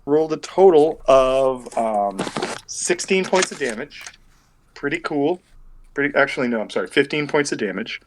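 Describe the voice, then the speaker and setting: A man's voice: medium pitch, fairly bright tone, a little hiss or hum, poor audio. A man running a tabletop game as game master over an online call, rambling and thinking aloud as he works out dice math.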